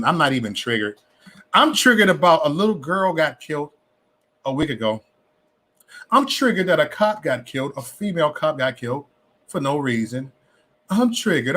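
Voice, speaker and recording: A livestream host talks in a lively, preachy way packed with slang, repeating himself and stammering whenever he restarts. His pitch is fairly high.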